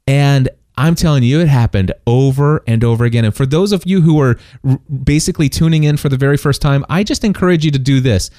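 A middle-aged man tells a personal story in a loose, conversational way, stumbling over restarts and breaking into laughs. His voice is mellow and mid-pitched. The sound is close and dry. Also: a little fast, few pauses, no room sound. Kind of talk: casual testimony chat.

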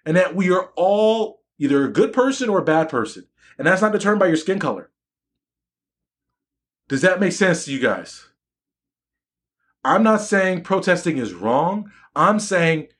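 A man's voice: high-pitched, very animated, a little slow, long pauses, fairly bright tone. Emphatic man giving a preachy live talk. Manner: emphatic, preachy, repeats phrases. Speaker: educator and physician. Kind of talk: live-streamed motivational talk.

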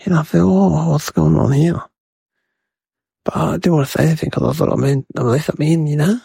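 A man's voice: fairly high pitch, fairly even intonation, fairly quick, vocal fry, warm tone, breathy edge, no echo, heavily acted. A man voicing a mischievous, chatty young boy who rambles to the viewers in a comedic monologue. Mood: rambling. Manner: rambling, addresses viewers as guys.

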